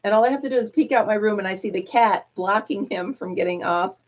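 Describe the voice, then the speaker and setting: A woman from the United States hosts a casual live chat, talking freely, laughing often, and cooing asides to her dog. Her mid-range voice moves at a quick pace, and the sound is lo-fi.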